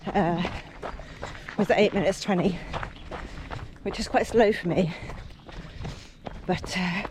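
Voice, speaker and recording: A woman's voice: lowish voice, slow pace. Woman in her 50s chatting to her camera on a run by a lake, bit breathless, noisy outdoor audio. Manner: chatty, talks between breaths while running. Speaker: vlogger. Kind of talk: casual vlog while out running. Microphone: handheld camera while running.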